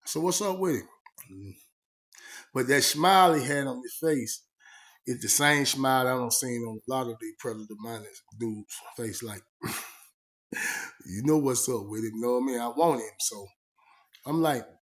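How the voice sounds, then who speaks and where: Man, casual storytelling, slangy, conversational, middle-pitched voice. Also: normal speed, pauses often, a bit bright. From Georgia, USA. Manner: slangy, conversational, retells talks by voicing both sides. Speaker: storyteller recounting prison life.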